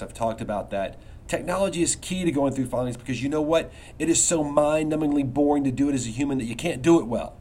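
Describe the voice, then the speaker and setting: A man's voice: mid-range voice, a little mellow, slight background noise. A middle-aged man hosting a finance podcast in a casual, emphatic monologue full of rhetorical questions. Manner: emphatic, conversational, asks rhetorical "you know what?". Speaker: podcast host, investment research firm founder.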